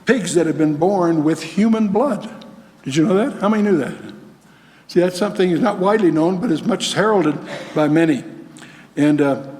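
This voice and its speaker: An older man lectures on scripture to an audience in a folksy, questioning way, slipping in dry asides. His voice sits a little high for a man. The sound trails off into the long reverb of a large hall. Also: a little mellow. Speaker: Bible teacher.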